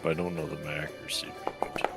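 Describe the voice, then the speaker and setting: A man's voice: rumbling low, little pitch movement, racing, creaky. A man playing a tabletop game, teasing and joking with the others between laughs. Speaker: player. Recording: background music. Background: music.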